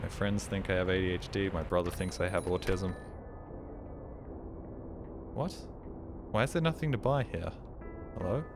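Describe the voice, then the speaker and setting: A man's voice: sits low, normal speed, pauses often, over music. A man streaming a game, chatting casually with mumbled, joking asides.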